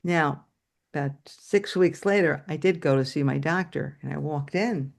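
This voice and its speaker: A woman's voice: low-pitched, normal speed, creaky. A woman telling a story to an audience over a video call, acting out the scenes as she goes. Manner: animated, acts out scenes with shouted quotes.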